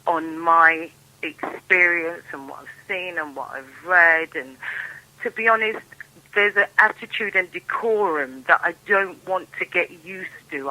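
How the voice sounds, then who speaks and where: A woman calling in to a radio phone-in show, who speaks earnestly and haltingly. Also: fairly low pitch, pushed and bright, rough recording. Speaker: caller.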